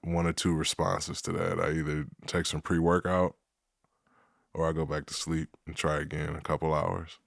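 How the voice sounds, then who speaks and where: A man with a very deep, low voice, talking as a guest on a podcast. He speaks in a measured, open way and slips in dry jokes. The recording is close and dry. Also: little pitch movement, creaky, no room sound. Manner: measured, candid, dry humor. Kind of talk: casual interview chat.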